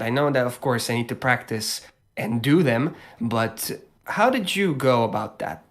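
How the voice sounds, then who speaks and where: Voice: medium pitch, a little slow. A podcast co-host in casual chat, asking questions and giving brief backchannels.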